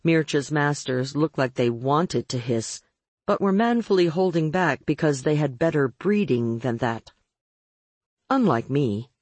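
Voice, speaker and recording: A woman's voice: low-pitched, animated, a little slow, darkish tone, dry recording. A woman reading a first-person audiobook with wry, sardonic narration.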